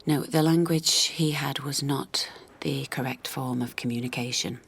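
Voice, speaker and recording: A weary mum. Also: female voice, a bass voice, steady tone, vocal fry, slightly rough, full character voice. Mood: reflective. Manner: halting, confessional, drops to a near whisper. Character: worn-down, loving mother of an autistic boy. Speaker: mother. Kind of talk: radio drama monologue.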